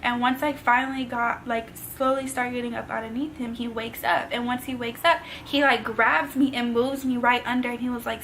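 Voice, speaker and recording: Young woman vlogging, high voice, emotional storytelling, bit of background hiss. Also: steady tone, pushed and bright, rough recording. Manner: emotional, fast storytelling with casual slang. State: tearful at times. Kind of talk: storytime vlog.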